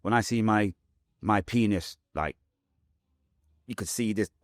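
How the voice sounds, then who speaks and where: A young adult man with a Manchester accent, telling his own story as a podcast guest, fast and vivid, acting out what people said. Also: on the low side, no echo, clean studio sound. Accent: Mancunian English. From Manchester, England.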